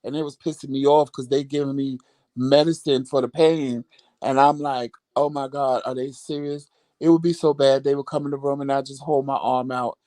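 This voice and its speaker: A man hosting a casual vlog, telling animated, sassy stories and jumping into high voices when he quotes people. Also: fairly quick, no room sound. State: recovering at home after hospital stay. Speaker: vlog host. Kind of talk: casual storytelling chat.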